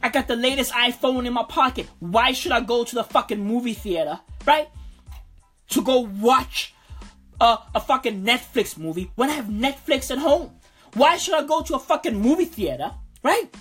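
High, swinging woman ranting with slang. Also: expressive, normal speed, breathy edge, faint music behind. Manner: slangy, swearing, repeating itself; loud exasperated outbursts. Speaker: ranting vlogger. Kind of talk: profane comic rant.

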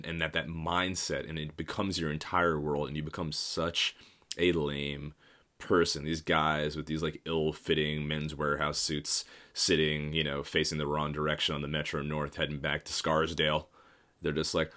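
A man's voice: rumbling low, little pitch movement, moderate pace, pushed and bright. A man in his thirties rambling through a casual, profane, self-mocking monologue. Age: 30s.

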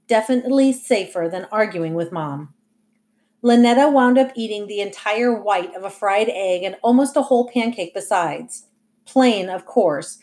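A woman narrates a novel for an audiobook with a lively, wry storytelling manner. Her voice sits at a middle pitch. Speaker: audiobook reader.

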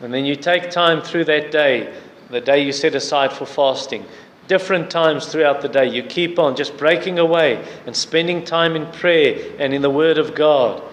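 Guy preaching, kinda high voice, big echoey hall, faint hiss behind. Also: moderate pace, a bit bright. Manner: earnest, repetitive exhortation with scripture references. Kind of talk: sermon.

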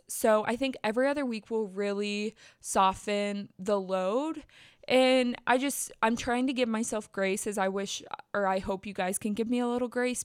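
A young woman chats alone into her podcast mic from home, open and rambling, laughing at herself as she restarts sentences. Her voice comes through smooth and clear. The room sound is dry and close, with almost no echo. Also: medium pitch. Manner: candid, rambling, self-deprecating with frequent restarts. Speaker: podcast host. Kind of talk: casual solo podcast chat. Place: indoors at home at her computer.

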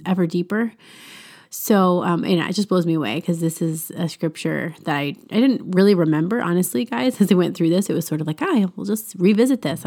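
A woman hosting a devotional podcast, talking in an earnest, chatty way with soft laughs. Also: on the low side, creaky. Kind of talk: casual faith podcast talk.

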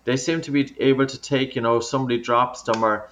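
A man's voice: medium pitch, fairly even intonation, a little fast, a bit bright, a little hiss or hum. A man working as a breathing coach, patiently explaining in an interview over a remote call, often restarting his sentences. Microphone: remote call audio.

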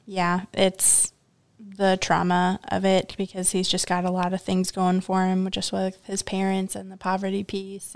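Animated woman with a gravelly voice. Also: fairly low pitch, no room sound. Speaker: podcast guest. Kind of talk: casual chat.

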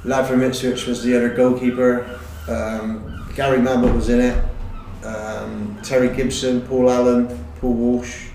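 A middle-aged man and former footballer, recalling his career in a halting, rambling way with many fillers. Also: mid-range voice, flat delivery, a little mellow, a little hiss or hum. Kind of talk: casual interview chat. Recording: roomy, distant recording.

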